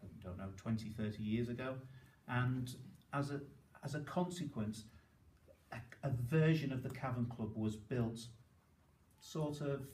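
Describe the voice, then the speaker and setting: A man from Liverpool with a Liverpool accent, giving an informal talk to learners and explaining things slowly, often checking in with "okay?". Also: medium pitch, darkish tone, roomy sound, far from the mic, slight background noise, rough recording. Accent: Liverpool (Scouse). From Liverpool, England.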